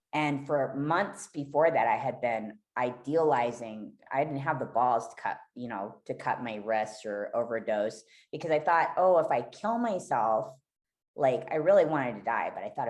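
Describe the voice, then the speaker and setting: A woman guest on a podcast, candidly telling a raw, emotional personal story and swearing freely. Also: very deep voice.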